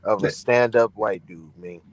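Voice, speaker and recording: A man's voice: lowish voice, unhurried, over a noisy crowd. A man co-hosting a boxing live stream in a laid-back, joking way. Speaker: co-host. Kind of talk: casual live-stream chat.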